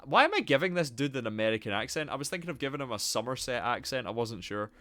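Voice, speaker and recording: Animated, sweary male game streamer. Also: medium pitch, fast, hardly any pauses. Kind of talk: casual live game commentary.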